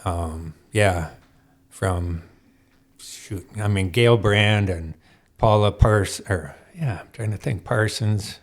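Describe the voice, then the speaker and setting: A man telling racing stories as an interview guest in a studio, animated and laughing often as he acts out other people's lines. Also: fairly low pitch, takes it slowly. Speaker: guest, off-road racer. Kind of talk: storytelling interview chat.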